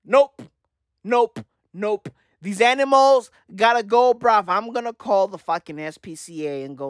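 Woman, casual comedic rant, slangy, swearing, playful, slow delivery, dry sound. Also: mid-range voice, no echo.

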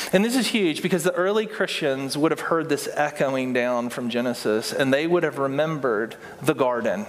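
A man preaching to his congregation, his voice set a little high and carried on a long hall reverb. He speaks earnestly and builds his points through repetition, as a pastor in the middle of a sermon.

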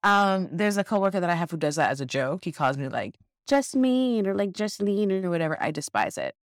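A woman's voice: fairly low pitch, very animated, fairly quick, no echo, studio quality. A woman co-hosting a podcast, wryly retelling reality-show scenes and acting out the quotes. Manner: wry storyteller, acts out quotes, swears casually. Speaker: podcast co-host. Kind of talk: casual chat recapping a reality show.

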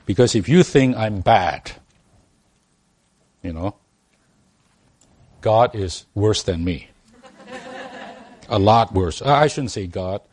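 A man's voice: fairly low pitch, lively intonation, takes it slowly, pauses often, a little mellow. A man preaching a sermon to a congregation, emphatic, often restarting his words and asking them rhetorical questions. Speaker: pastor.

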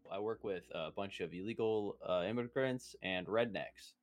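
In a laid-back podcast conversation, this young co-host trades crude, self-mocking banter and tends to ramble. He speaks at a moderate pace in a fairly low voice, with a slight lisp that isn't from retainers.

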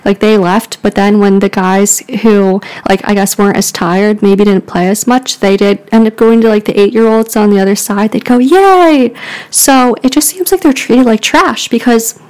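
A woman's voice: mid-range voice, level tone, normal speed, hardly any pauses, a little mellow, clear, resonant tone, rough recording. A woman hosting a podcast, telling a story in casual chat. She rambles, fills her talk with "like" and laughs often. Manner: rambling, filler-heavy with frequent "like". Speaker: podcast host.

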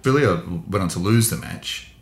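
A man's voice: low voice, lively intonation, normal speed. A man co-hosting a podcast, chatting casually about sport with joking, sarcastic asides. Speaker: podcast co-host. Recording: echoey room.

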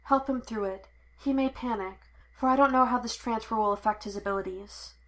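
A woman reading the lines of a weary, grim man who is a Jedi, in a low, subdued voice. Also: brisk, fairly bright tone, lightly acted. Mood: quiet grim.

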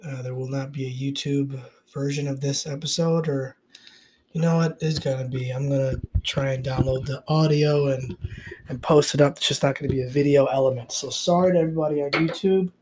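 A man's voice: medium pitch, steady tone, brisk, darkish tone, slight background noise. A man hosting a casual solo podcast, talking in a rambling, confessional way and swearing often, recorded on a phone. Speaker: podcast host. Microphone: iPhone recording.

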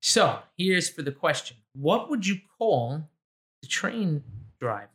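Casting: man, light upper pitch, bright forceful tone, teasing quizmaster in relaxed chat. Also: slow pace. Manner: playful, laughs often, teasing. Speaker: trivia quizmaster. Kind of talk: casual chat.

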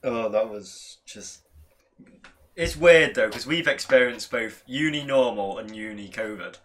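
A man's voice: medium pitch, a little slow. A young man in his twenties, a former university student, telling stories casually and laughing often. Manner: animated storytelling, laughing often. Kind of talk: casual chat.

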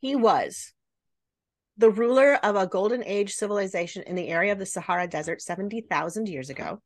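A woman's voice: mid-range voice, brisk. Chatty female podcast host, casual storyteller, lots of filler. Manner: chatty, many fillers like "right?" and "like".

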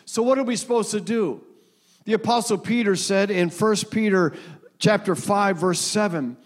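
Man, sixties, pastor preaching, high-ish voice, earnest storytelling, slows down for scripture. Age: 60s. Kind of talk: sermon. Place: church.

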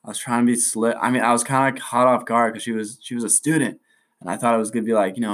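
A man's voice: mid-range voice, flat delivery, fast talker. A young man hosting a casual solo podcast, rambling in hyped surfer slang. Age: young adult. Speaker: podcast host.

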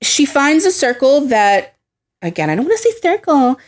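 A woman's voice: sits high, sing-song, normal speed. Heated young woman podcaster, swears freely. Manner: heated, swearing, acts out quotes. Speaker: podcast co-host. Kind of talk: casual chat.

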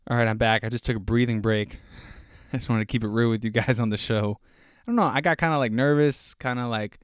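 A young man hosts a casual faith podcast, rambling earnestly with lots of fillers and sounding slightly out of breath. His voice is medium-pitched, steady, smooth and a little fast, captured with clean studio sound and no room sound.

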